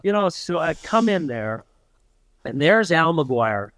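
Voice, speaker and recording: A man's voice: a little high, sing-song, takes it slowly, fairly bright tone, no room sound, poor audio. An older man telling a story as an interview guest, animatedly acting out the voices of the people he quotes.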